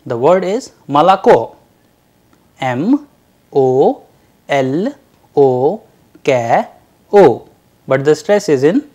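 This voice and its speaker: A language teacher giving a recorded lecture, drawing out each letter sound slowly and carefully for learners to repeat. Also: medium pitch, darkish tone.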